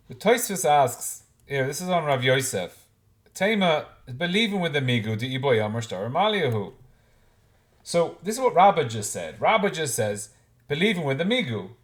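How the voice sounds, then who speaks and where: A man's voice: medium pitch, sing-song, moderate pace. A man giving an informal Talmud class, thinking aloud with frequent restarts and working Hebrew and Aramaic terms into his explanations. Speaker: Talmud teacher.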